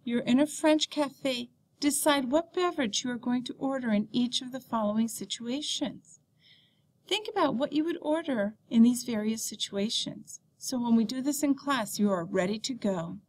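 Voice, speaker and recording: A woman teacher reading a beginner French textbook lesson aloud, saying the French words slowly and clearly. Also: on the high side, a little mellow.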